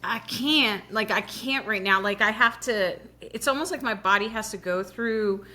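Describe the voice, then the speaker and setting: A woman's voice: mid-range voice, normal speed, pushed and bright. A woman co-hosting a podcast, chatting casually and giggling often. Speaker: podcast co-host. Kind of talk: casual chat.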